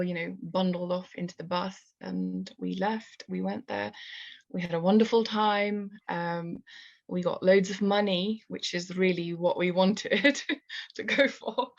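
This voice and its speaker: A woman from Kashmir, telling a story live in a calm, measured way that turns hesitant and full of fillers when she talks freely. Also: fairly low pitch, creaky, muffled recording.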